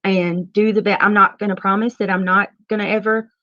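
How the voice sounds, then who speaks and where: A woman's voice: mid-range voice, little pitch movement, a little fast, pushed and bright, dry recording. A woman talking earnestly on a livestream, hesitant and self-justifying. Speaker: streamer in a played clip. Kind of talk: livestream talk. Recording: dry, dull lo-fi stream clip.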